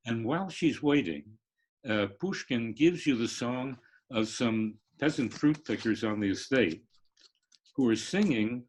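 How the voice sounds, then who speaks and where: An older man, a literature professor, explaining in a halting lecture style with many pauses and restarts. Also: mid-range voice, expressive, slightly rough. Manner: halting, many fillers and restarts, sings rhythms. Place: online live stream.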